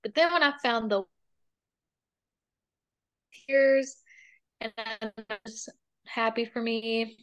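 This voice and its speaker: A young woman chatting casually as an interview guest, telling stories in a lively way with lots of fillers. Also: a little high, takes it slowly, pauses often. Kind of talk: casual chat.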